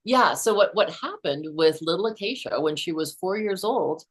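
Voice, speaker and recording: Low-voiced woman in her sixties, telling a story. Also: animated, normal speed, husky. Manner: earnest, many restarts and "you know". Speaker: podcast host and author, guest. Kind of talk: storytelling in a casual interview.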